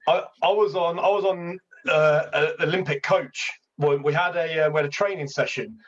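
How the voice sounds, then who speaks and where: A man's voice: fairly high pitch, moderate pace. A man hosting a podcast, swearing freely as he tells travel stories in casual chat. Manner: swears freely, laughs, story-driven. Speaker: podcast host. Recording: dull lo-fi sound.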